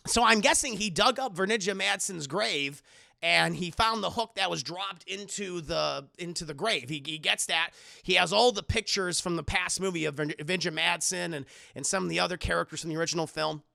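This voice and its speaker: Gravelly, bright-voiced profane streamer. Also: male voice, high voice, a little fast. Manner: profane, animated, joking. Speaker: streamer, film reviewer. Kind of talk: live-stream film recap to chat.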